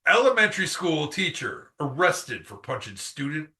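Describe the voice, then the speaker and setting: A man from Michigan hosting a casual podcast, reading news stories aloud and riffing on them with rambling, profane, sometimes shouted commentary. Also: fairly high pitch, very animated, moderate pace, echoey room, far from the mic. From Michigan, USA. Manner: profane, rambling, loud outbursts.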